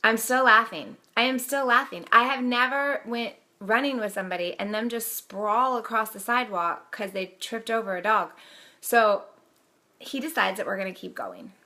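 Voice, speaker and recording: A woman's voice: fairly high pitch, moderate pace, sharp tone. A woman in her thirties casually telling a funny family story to her viewers, laughing often as she talks. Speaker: vlogger.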